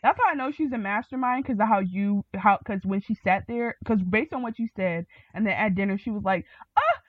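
A woman podcast host in a casual TV recap chat, animated and acting out quotes with big jumps in pitch. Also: brisk, dry recording. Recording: dry tinny phone-like sound.

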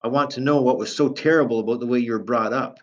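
Brief: man playing a bitter father, cracked voice rising, low-pitched, dull lo-fi sound. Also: expressive, moderate pace, a bit bright. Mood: angry. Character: grieving, bitter middle-aged father. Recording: dull lo-fi recording.

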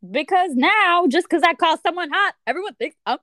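A woman's voice: very high voice, normal speed, no room sound, studio quality. A woman in casual chat with a friend, telling stories animatedly and acting out what people said. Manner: animated storyteller acting out texts. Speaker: friend chatting.

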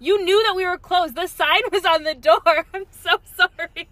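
A woman in casual chat from a parked car, chiming in with quick interjections and irritated asides. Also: extremely high pitch, fairly even intonation, fairly bright tone, dry recording.

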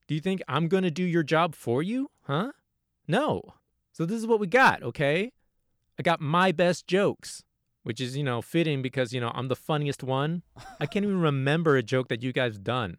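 A man hosting a comedy show, delivering mock news jokes and bickering in a deadpan, defensive way. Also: a little high, normal speed, no room sound, studio quality. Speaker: comedy podcast host.

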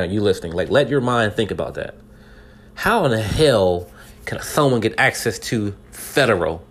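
A man from California delivering casual spoken commentary in a somewhat low voice. He talks earnestly and directly to the listener, piling up rhetorical questions, restarting and repeating words as he works through his thoughts. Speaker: podcast commentator.

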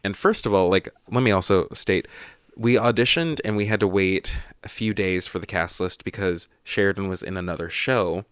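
Young man, podcast co-host, very low voice, casual storytelling, filler words. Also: normal speed, a bit bright, clean tone, no room sound, studio quality. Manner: chatty, storytelling with many "like" fillers. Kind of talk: casual chat.

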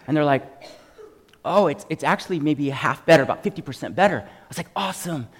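Animated preacher man in a reverberant hall. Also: on the high side, quick pace, breathy edge. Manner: animated storyteller, acts out dialogue, shouts for emphasis. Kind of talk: sermon with personal testimony.

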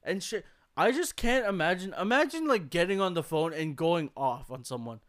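A young man with a smooth, clear voice that sits a little high for a man, spinning a casual story among friends. He swears freely and acts out the voices of the people in it. His delivery swings between hushed asides and loud, animated bursts. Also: normal speed. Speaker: podcast co-host.

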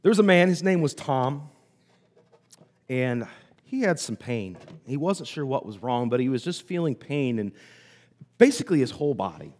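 A man preaching a sermon, telling a story in a conversational way and pausing often. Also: medium pitch, big pitch swings, darkish tone. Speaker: pastor. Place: church sanctuary. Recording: hall reverb.

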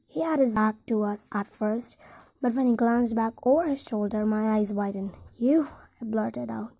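Woman narrator, first-person audiobook, breathy, mellow, fairly high voice, dry close sound. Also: normal speed, no room sound.

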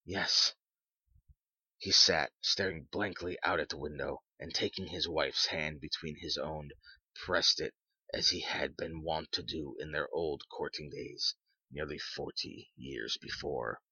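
A man reading a story aloud in measured, even narration, on a dull lo-fi recording. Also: extremely low pitch, breathy edge, no room sound.

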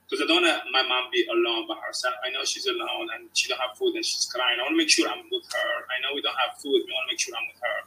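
A man's voice: mid-range voice, huge pitch swings, quick pace, gravelly, few pauses, pushed and bright, far from the mic, slight background noise, poor audio. A man from Tunisia with a Tunisian accent, telling his life story as an interview guest in emphatic, broken English that repeats its phrases.

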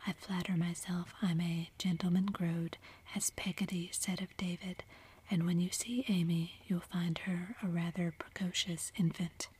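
An earnest young man pours out his feelings in a whispered role-play, as a woman reads him. The voice is a low, airy whisper held on a flat, even line, soft and pleading. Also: unhurried, slightly rough. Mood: tender.

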